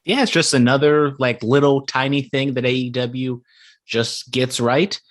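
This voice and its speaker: A man co-hosting a casual podcast, teasing his friends in a wry, deadpan way. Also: medium pitch, a little slow. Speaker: podcast co-host.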